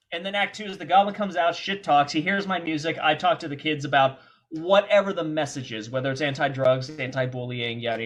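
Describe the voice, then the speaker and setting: A man telling stories as a podcast guest, animated and freely cursing. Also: on the high side. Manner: animated, profane, quick anecdotes. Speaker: guest filmmaker and performer. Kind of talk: casual storytelling.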